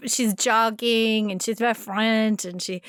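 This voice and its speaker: Woman, Texan accent, playful co-host, fairly high voice, dry closet recording. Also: steady tone, unhurried, a bit bright, dry recording. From Texas. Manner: playful, jokey asides. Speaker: podcast co-host. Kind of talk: casual podcast chat. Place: small closet.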